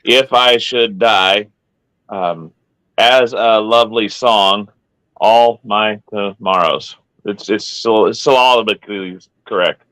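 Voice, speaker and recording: Slow-talking joking preacher man. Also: lowish voice, fairly even intonation, fairly bright tone, no echo, poor audio. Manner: jokey storytelling. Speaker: preacher and host. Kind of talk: casual chat and hymn singing.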